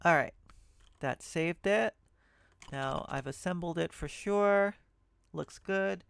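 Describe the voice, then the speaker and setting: A man's voice: high voice, slow pace, creaky, fairly bright tone, clean tone. A man teaching assembly programming in a screen-recorded walkthrough, thinking aloud and correcting himself as he goes. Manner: thinking aloud, self-correcting, muttering asides. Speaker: programming tutor.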